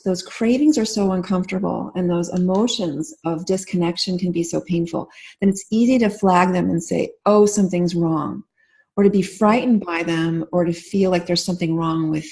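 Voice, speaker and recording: A woman guest in an interview, speaking gently and reflectively with many restarts and soft fillers, slowing down when she voices tender inner thoughts. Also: lowish voice.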